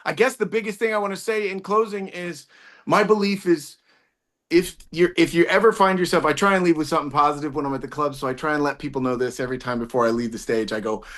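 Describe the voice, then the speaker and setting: A man doing a rambling, self-mocking stand-up set over a video call, with occasional bursts of loud singing. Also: mid-range voice. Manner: rambling, self-mocking delivery with sudden loud sung bits. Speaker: stand-up comedian. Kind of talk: stand-up set on a virtual show.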